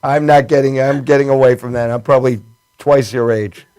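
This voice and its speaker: A man's voice: mid-range voice, steady tone, brisk. A middle-aged man hosting a comedy talk show, joking and laughing often in casual chat.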